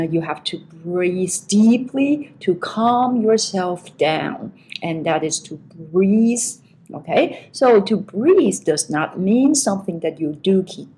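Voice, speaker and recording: Slow, patient woman teaching English vocabulary. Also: lowish voice, a little mellow, slight background noise, low-quality recording. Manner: patient, says "okay" often, many fillers. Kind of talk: vocabulary lesson.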